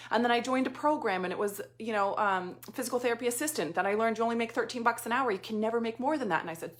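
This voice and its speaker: A woman coach speaks in a slightly high voice. She tells her own story in a loose motivational talk and keeps slipping into quick acted-out asides. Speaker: business coach.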